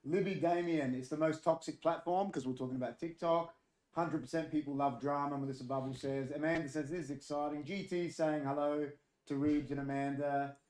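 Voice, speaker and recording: A man hosting a podcast, briskly reading out live chat comments and agreeing with his guest. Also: a little high, fairly even intonation, a little mellow, roomy sound. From Australia. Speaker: podcast host.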